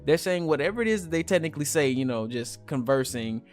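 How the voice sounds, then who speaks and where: A man's voice: fairly high pitch, lively intonation, fast talker, faint music behind. A man giving a casual, loose recap of a manga chapter, full of "you know" fillers and chuckles. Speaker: manga reviewer.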